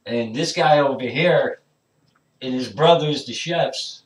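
A man hosting a comedy show, teasing his guests in rapid-fire improvised banter and repeating himself for laughs. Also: medium pitch. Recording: echoey room, voice far from mic.

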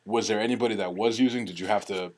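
Casting: podcast host, man, low voice, rapid casual questions. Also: steady tone. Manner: quick follow-up questions. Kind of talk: casual interview.

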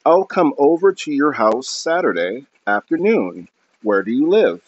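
A man's voice: medium pitch, sing-song, a little slow, breathy edge, dry recording. A man reading aloud, voicing an earnest, polite teenage boy who speaks a little hesitantly. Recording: dull lo-fi recording.

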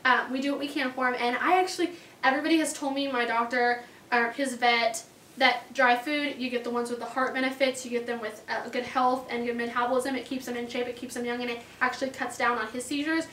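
A woman's voice: fairly high pitch, steady tone, quick pace, a bit bright, reverberant, distant mic, slight background noise. A woman showing off her dog's tricks in a chatty, casual talk, laughing often. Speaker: dog owner showing tricks. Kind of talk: casual chat.

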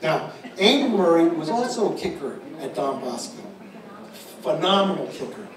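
A man's voice: fairly high pitch, big pitch swings, moderate pace. A man, a father, giving a rambling tribute speech to an audience, with frequent restarts and repeated words. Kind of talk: public speech at an event. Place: large echoey room with an audience. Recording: echoey hall audio from a distant mic with background noise.

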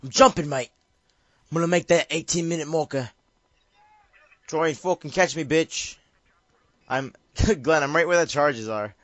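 A young man casually commenting on gameplay with a friend, excitable and swearing, often screaming at the game. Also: a little high, a little slow, long pauses, no echo, highs cut off. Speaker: gamer.

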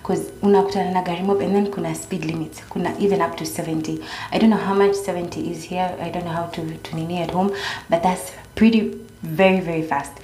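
Young Kenyan woman vlogger, a little low-pitched, easygoing chat in a roomy space. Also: steady tone, quick pace, warm tone. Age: young adult. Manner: chatty, mixing in Swahili slang. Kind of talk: casual chat. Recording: echoey room.

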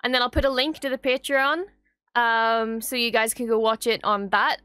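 A young Irish woman hosting a reaction video, chatting casually and gushing excitedly with frequent swearing. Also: a little high, normal speed, clean tone, dry recording.

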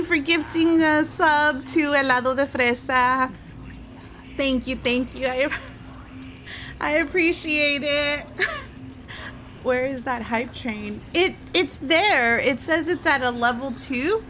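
A woman with a high, bright voice and a forceful tone talks slowly with viewers during a casual gaming live stream, over slight background noise. She tends to apologize and is easily startled.

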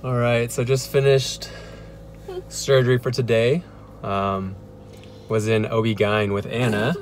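A man's voice: medium pitch, takes it slowly, background noise. A young man in his twenties, a physician assistant student, chatting casually into a phone at arm's length, rambling with lots of fillers. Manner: relaxed, rambling, filler-heavy. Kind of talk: casual vlog chat. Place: car and home. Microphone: phone held at arm's length.

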